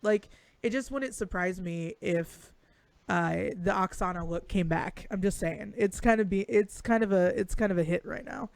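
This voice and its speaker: A woman's voice: medium pitch, moderate pace, creaky, no echo. A young woman co-hosting a casual sports chat stream, bubbly and laughing often, swearing freely. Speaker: podcast co-host.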